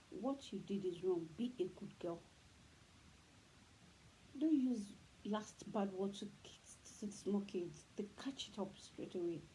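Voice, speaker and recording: A woman's voice: medium pitch, warm tone, low-quality recording. A middle-aged woman with a Nigerian Yoruba accent, giving earnest parenting advice and repeating her points emphatically, with faint background noise. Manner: repetitive, preachy, emphatic. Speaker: parenting talk host.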